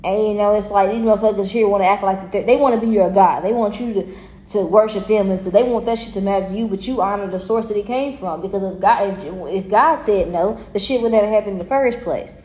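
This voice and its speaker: A woman giving a casual tarot reading, talking bluntly and profanely in an animated way and laughing often. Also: mid-range voice, fast talker, highs cut off. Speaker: tarot reader. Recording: echoey room.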